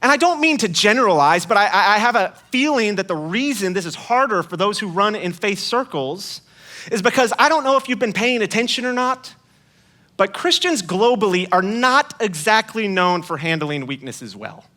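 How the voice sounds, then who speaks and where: A man's voice: high voice, animated, normal speed, bright, forceful tone. A man preaching a sermon as a guest speaker, in a conversational, playful way, acting out quoted voices.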